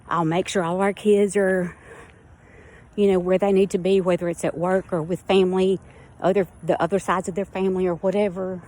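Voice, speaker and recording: Woman vlogging outdoors, a bit breathless, low-pitched, candid and rambling. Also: little pitch movement, normal speed, darkish tone. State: a little out of breath. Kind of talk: casual personal vlog.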